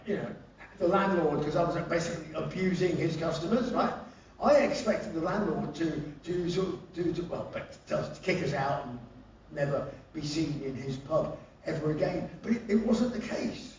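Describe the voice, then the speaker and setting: A man with a high-pitched voice performs live spoken-word storytelling at a concert venue, animated, profane and frequently laughing. The audio is distant, echoey and dull, with a little hiss or hum.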